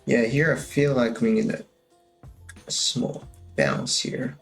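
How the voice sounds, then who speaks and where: A man's voice: mid-range voice, steady tone, takes it slowly, creaky, soft background music. A man casually thinking aloud as he walks through his animation work on a stream, musing and drifting a little, with a touch of self-amusement.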